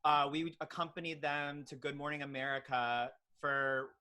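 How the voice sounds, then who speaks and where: This podcast guest, a young pediatric nurse, chats casually in an interview, telling stories earnestly with plenty of ums and likes. His voice is a little high, bright and clean-toned, delivered flatly at a moderate pace with a forceful tone.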